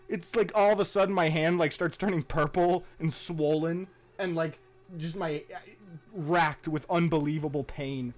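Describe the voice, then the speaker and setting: A man's voice: fairly high pitch, normal speed, soft background music. A young man and podcast co-host, telling a story in casual chat, swearing freely and laughing as he goes. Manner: profane, laughing, animated retelling.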